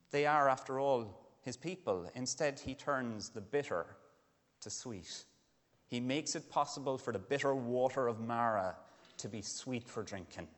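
A man preaching a sermon, earnest and building to emphatic questions. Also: medium pitch. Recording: long hall reverb.

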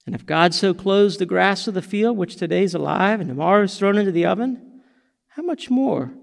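A man delivers a sermon from the pulpit, animated and acting out the lines he quotes. His voice sits high with a gravelly rasp, and a long church-hall reverb trails behind every phrase. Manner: animated, sings song lines and acts out quotes. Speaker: pastor.

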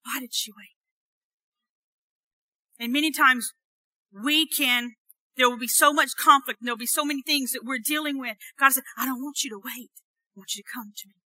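A woman preaching a sermon at a church service. She repeats phrases for emphasis and swings from hushed, soft lines to loud, emphatic preaching. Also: high voice, normal speed, long pauses, no echo.

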